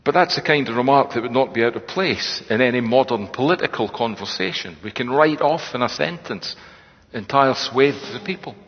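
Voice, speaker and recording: A man preaching a sermon in a reflective, conversational way, often quoting lines in a hushed voice. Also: medium pitch, lively intonation, brisk, husky. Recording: echoey hall, dull lo-fi sound.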